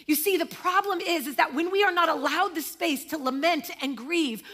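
A woman's voice: extremely high pitch, normal speed, a bit bright. A middle-aged woman pastor giving a sermon in a church, telling a story conversationally and acting out the quotes.

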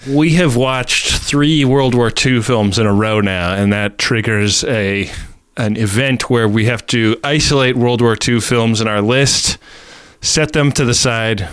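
A man's voice: mid-range voice, unhurried, fairly bright tone, smooth, dry recording. A man hosting a film podcast, teasing his co-hosts and steering the segment in casual chat. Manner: dry, teasing, runs the segment. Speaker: podcast host.

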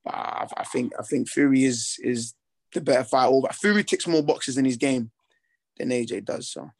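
A young man talks easily about his fights. His voice sits at an ordinary pitch, and he rambles with slang and restarts. He sounds relaxed and sure of himself. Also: moderate pace. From Britain, with Ghanaian heritage. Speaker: boxer, interview guest. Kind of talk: casual interview chat.

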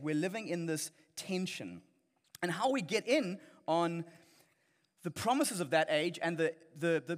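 A man's voice: high-pitched, in a large hall. A man preaching a sermon as a pastor, earnest and emphatic, often restarting his phrases.

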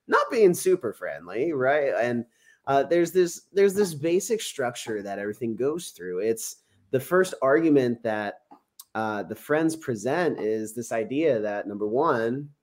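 A man's voice: mid-range voice, big pitch swings, a little slow. A man in casual conversation, walking through a Bible passage and acting out the quotes with an easy chuckle. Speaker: podcast co-host discussing scripture.

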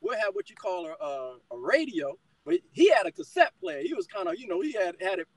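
A middle-aged man speaks with a strikingly high, lively voice that swings up and down as he tells his testimony. He is fired up and keeps calling his listener brother. The sound is close and dry, with no room around it. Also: brisk, no room sound, rough recording. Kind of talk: personal testimony in conversation.

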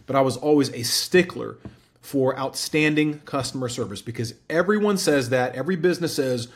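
A man in his forties, a guest in an interview, telling his story in a candid, animated way. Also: medium pitch, normal speed. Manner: candid, animated storyteller who acts out quoted dialogue.

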